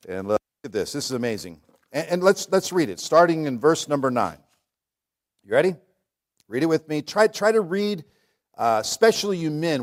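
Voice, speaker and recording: A man preaching to a congregation in a slightly higher voice. His delivery is folksy and humorous. He swings from booming readings of scripture to soft, quick asides. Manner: folksy, humorous preaching with dramatic shifts in loudness and pace. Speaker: pastor. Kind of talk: sermon. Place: church.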